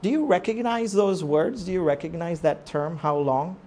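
A man preaching a sermon, rising to near-shouts and falling low, often asking the congregation rhetorical questions. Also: normal speed. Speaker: pastor.

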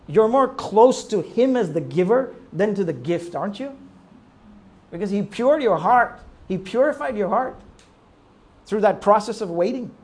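A male pastor with a high-pitched voice delivers a sermon in a conversational way. He leans on rhetorical questions and moves between quiet reflection and emphatic urging. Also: lively intonation, measured pace.

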